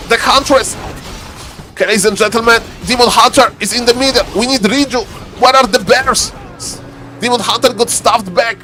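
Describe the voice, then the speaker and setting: A man streaming live commentary on a strategy game, lively and playful, teasing his chat. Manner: lively, playful, keeps saying "ladies and gentlemen"; shifts into a deeper joking voice for a subscriber.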